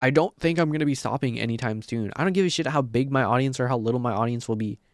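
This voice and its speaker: A man chatting live on stream at a desk mic, excitable and rambling, swearing often. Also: medium pitch, fast, no echo, clean studio sound. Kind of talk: casual live-stream chat. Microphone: desk mic on a mic arm.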